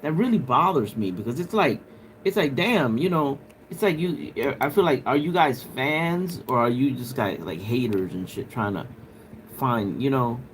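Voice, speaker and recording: Speaking at normal speed with an animated, medium-pitched voice, a man streams live over slight background noise. His casual chat is rambling and aimed straight at viewers, loose and full of swearing and filler.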